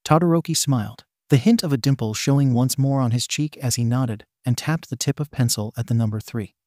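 Male fanfic narrator, steady and gentle, mellow tone, dry close sound. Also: medium pitch, a little fast, no echo. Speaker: story narrator. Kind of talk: fan-fiction audiobook narration.

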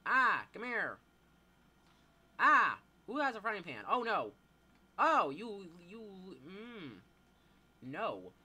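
Teen boy, gameplay commentary, excitable, yelping, swearing, very lively pitch, sharp bright tone. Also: slow pace, pauses often, slightly rough. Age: teens. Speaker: gamer.

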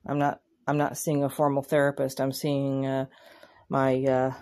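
A woman vlogger giving candid, plainspoken commentary, pausing and restarting as she thinks. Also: extremely low pitch, monotone, darkish tone. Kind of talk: casual reflective commentary.

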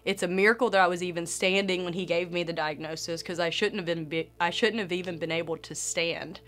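A woman sharing a personal faith testimony in an earnest, emotional way, with soft laughs between phrases. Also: on the low side, steady tone, a little fast.

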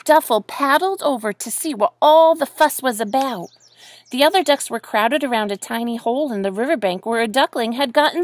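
A woman reading a picture book aloud to children in an animated way, stopping to ask them questions. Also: high voice, normal speed, dry recording. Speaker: storyteller.

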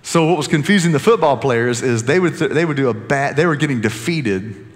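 Pastor guy giving a sermon, lively and joking, restarts a lot, echo of a big hall behind him. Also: mid-range voice, fairly quick. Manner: animated, joking with the congregation, restarts sentences.

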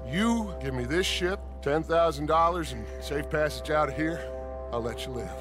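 A man voicing a silver-tongued outlaw gang leader from a western video game, smooth and theatrical with quiet menace. His voice sits high for a man, over game music in the background. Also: expressive, normal speed, natural voice. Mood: mocking menace.

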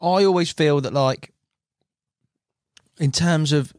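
A man's voice: fairly high pitch, slow pace, dry recording, studio quality. A man hosting a podcast in casual chat, asking questions and offering short agreeing replies. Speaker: podcast host.

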